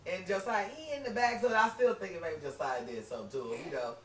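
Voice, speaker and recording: A man telling a story on a podcast, animated, laughing and acting out the quotes. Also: high voice, fast. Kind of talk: casual storytelling. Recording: roomy, distant mic, faint noise.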